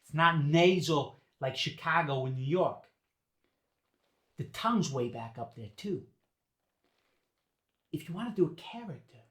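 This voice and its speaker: A man with a broad Boston accent shows off the dialect. His pitch swings widely and he playfully stretches his vowels. The room is echoey. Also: a bit bright. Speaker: guest demonstrating a dialect. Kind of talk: accent demonstration.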